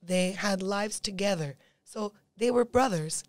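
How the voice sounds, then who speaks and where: A young woman from Cyprus, a podcast guest, telling a family story quickly and animatedly, acting out other people's voices. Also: mid-range voice, dry recording. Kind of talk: casual storytelling.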